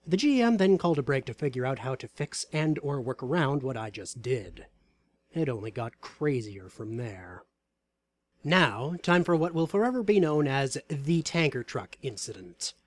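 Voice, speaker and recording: A man reading aloud a story about a tabletop game session in a wry, deadpan way. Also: mid-range voice, moderate pace.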